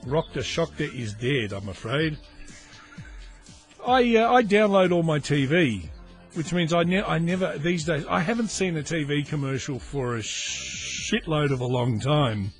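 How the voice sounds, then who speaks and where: A man's voice: fairly high pitch, normal speed, faint music behind. A man, hosting his own podcast in a chatty, self-mocking, rambling way full of asides. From Australia. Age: 40s. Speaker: podcast host. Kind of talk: casual solo podcast rambling.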